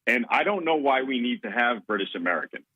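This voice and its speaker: A man's voice: mid-range voice, lively intonation, fast talker, narrow, tinny audio. A man calling in to a radio show, joking sarcastically and crudely. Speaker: caller. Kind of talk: call-in radio comment. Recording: caller audio through radio broadcast.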